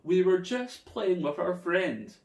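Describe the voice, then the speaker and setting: A man's voice: high-pitched, expressive, slow pace, voice pushed up, exaggerated voice. A man voicing a group of eager, curious children in a story for kids. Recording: echoey room.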